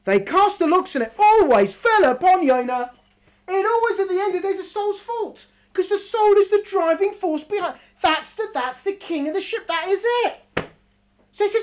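A woman gives an animated religious talk and acts out the characters as she tells the story. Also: very high-pitched, moderate pace, low-quality recording. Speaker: religious teacher.

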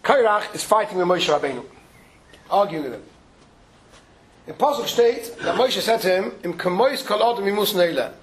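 A man's voice: high voice, expressive, normal speed, pauses often, rough recording. A man giving an informal Torah lecture, talking in a conversational way, mixing Yiddish and Hebrew terms into his English and acting out the voices in the stories he retells. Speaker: rabbi giving a Torah talk.

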